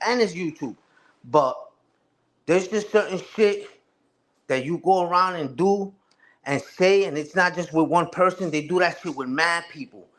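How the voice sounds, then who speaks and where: A man's voice: on the high side, a little slow, a bit bright. A man ranting casually and profanely on a live stream, repeating himself and asking "you heard?" again and again.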